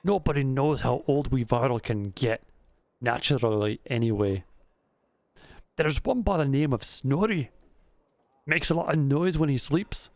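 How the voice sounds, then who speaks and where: A man voicing an old, gruff male giant warrior in a put-on Scottish accent, blunt and crude, while reading game dialogue aloud. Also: medium pitch, dry recording, natural voice.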